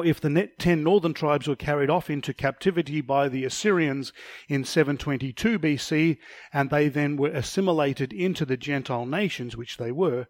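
A man with a fairly high voice teaches a Bible study lesson in a dry, close recording. He explains each passage step by step, points to slides as he goes, and now and then trips over a word. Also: no room sound. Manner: explanatory, with slide references and occasional stumbles.

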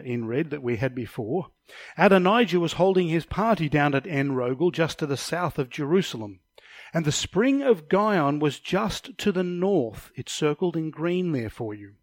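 In a dry, close recording, a man with a fairly high voice leads a Bible study, explaining each passage step by step. He refers to slides as he goes and occasionally stumbles over a word.

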